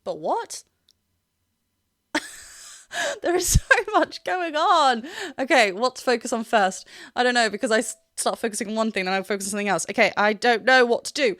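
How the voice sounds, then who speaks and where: Excited woman vocal coach, high voice. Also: a little fast. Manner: animated, laughs often, sings snippets to demonstrate. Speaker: vocal coach reacting to a song. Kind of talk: excited reaction commentary.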